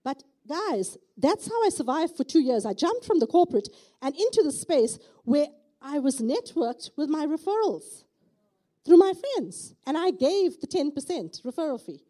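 A woman's voice: sits high, sing-song, moderate pace, warm tone. A middle-aged woman with a South African accent gives an emphatic church testimony, often checking in with the audience by asking "okay?". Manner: emphatic, with repeated rhetorical "okay?" asides. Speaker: church speaker giving testimony. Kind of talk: preaching testimony.

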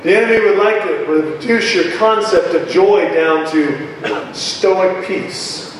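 A male preacher with a strikingly high voice delivers an emphatic, animated sermon. He is heard from far off in a large hall with long, heavy reverb. Faint ambient noise sits underneath. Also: slow.

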